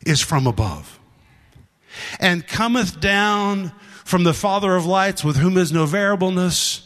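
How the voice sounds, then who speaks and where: A man's voice: high voice, expressive, a little slow, fairly bright tone. A man preaching a sermon, emphatic and repetitive, stressing his points and acting out the scripture he quotes. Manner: emphatic, repeats lines for stress.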